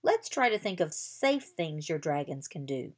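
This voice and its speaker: A woman reading as a calm old bearded wizard. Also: low-pitched, normal speed, breathy edge, heavily acted.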